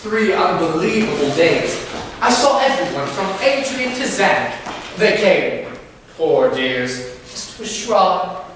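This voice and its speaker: A young actor playing a flamboyant, vain English playwright on a live stage, drawling grandly in a put-on English accent, recorded in an echoey theater. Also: male voice, sits high, very animated, slow, fairly bright tone, slight background noise, full character voice. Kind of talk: live amateur stage play. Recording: roomy hall recorded from far off.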